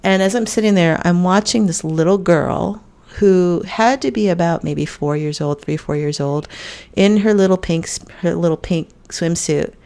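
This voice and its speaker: Woman host ranting on her podcast, gravelly, kinda low voice, swears a lot. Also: normal speed, a little mellow. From United States. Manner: blunt, profane, storytelling. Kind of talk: casual monologue.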